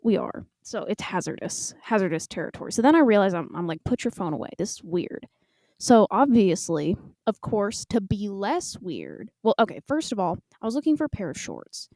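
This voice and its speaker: Woman in her twenties, podcast co-host, rambling chatty storytelling, mellow tone, swooping pitch. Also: big pitch swings, moderate pace, few pauses, no echo. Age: 20s. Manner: chatty, rambling, self-mocking.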